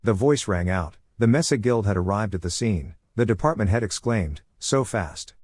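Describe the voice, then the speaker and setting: A man with a lowish voice reads a comic recap in a steady, even narration. The recording is dry and close, with no room sound around him. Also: moderate pace, dry recording.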